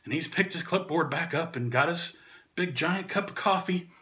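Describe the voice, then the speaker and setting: A man casually telling a funny anecdote, animated and often laughing through the story. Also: a little high, normal speed. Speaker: channel host and storyteller.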